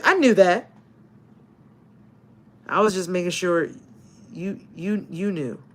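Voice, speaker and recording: Playful animated woman reading comments. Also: medium pitch. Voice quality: laughs often, animated and playful. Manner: lively, swears casually, uses slang. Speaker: YouTuber and paranormal investigator. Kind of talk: casual livestream chat reading comments.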